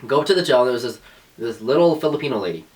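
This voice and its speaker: Young woman, podcast co-host, swooping animated voice, sarcastic, mic a bit far off. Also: a bass voice, very fast. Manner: animated, sarcastic, laughs often, acts out quotes. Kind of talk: casual chat.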